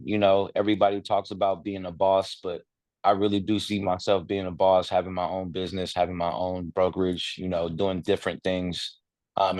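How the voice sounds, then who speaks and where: Man, 30s, deep and monotone, dry close sound, loose rambling delivery on a video call. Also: no room sound. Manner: rambling, with many filler phrases and some swearing. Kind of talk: casual personal sharing.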